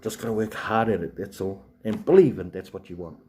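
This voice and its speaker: A man's voice: lowish voice, fairly quick, a little mellow. A man, hosting a live stream and rambling chattily to viewers with many fillers and restarts. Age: 40s.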